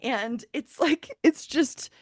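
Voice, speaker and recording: A woman's voice: sits high, slow, dry recording, studio quality. A woman co-hosting a podcast, telling stories in casual chat, filling her talk with "like". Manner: chatty storyteller, filler-heavy "like". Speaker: podcast co-host.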